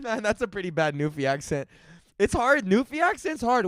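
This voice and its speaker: A man's voice: high voice, big pitch swings, moderate pace, a bit bright, dry recording, clean studio sound. A man hosting a solo comedy podcast, crude and joking, often laughing as he rants. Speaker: podcast host.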